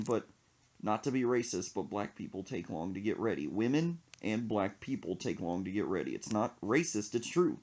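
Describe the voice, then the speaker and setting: A young man hosting a podcast, telling a comic story in a casual, animated way. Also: on the low side, normal speed, muffled recording. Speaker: podcast host.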